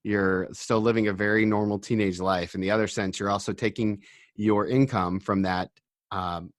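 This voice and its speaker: Male host, fairly low, dry close sound, jokey interviewer. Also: steady tone, normal speed, no room sound. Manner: playful, joking questions. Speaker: podcast host. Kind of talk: casual interview chat.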